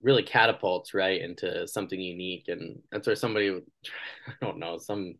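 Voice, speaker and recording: With a deep voice marked by vocal fry, a man in his thirties hosts an interview podcast at a normal speed. He chats casually and animatedly, acting out the people who appear in his stories.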